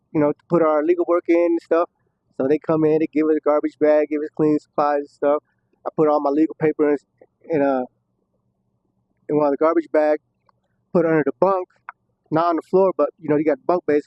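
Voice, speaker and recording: A man's voice: on the high side, dry recording. A man casually telling a story from prison, heavy on profanity, laughing at times and acting out what others said. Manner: profane, laughing, acts out quoted voices. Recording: dull muffled dry audio.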